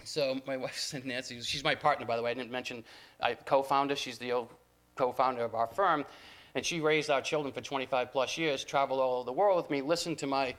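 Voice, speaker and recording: A man's voice: mid-range voice, steady tone, a little fast, fairly bright tone. An older man giving a talk to journalism students, telling stories in a conversational way with frequent restarts and asides. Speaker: guest speaker.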